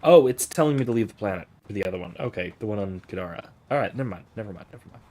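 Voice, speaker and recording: Musing man narrating a game, low-pitched. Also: expressive, very fast, a little mellow, a little hiss or hum. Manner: musing, thinking aloud with many fillers. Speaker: philosophy professor hosting a game playthrough. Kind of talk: casual gameplay commentary. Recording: game sound over the voice. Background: video game audio.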